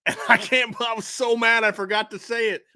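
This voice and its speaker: A man's voice: extremely high pitch, level tone, normal speed, pushed and bright, clean tone, no room sound, clean studio sound. A middle-aged man co-hosting a casual post-game sports talk show, telling stories with frequent laughs. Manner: storytelling, laughs often. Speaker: show owner and co-host.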